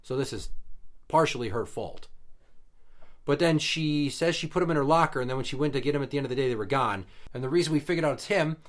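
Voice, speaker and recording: A man in his thirties co-hosting a podcast, telling stories in a blunt, profane, casual way. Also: a little high. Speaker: podcast co-host.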